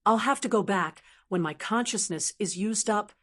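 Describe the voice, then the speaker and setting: A woman's voice: medium pitch, moderate pace, a bit bright, close to an everyday voice. A woman voicing a confident, brash young man who leads his group, read plainly in an audiobook. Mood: calm. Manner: brash, commanding. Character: confident young male cultivator, group leader. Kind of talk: audiobook character reading.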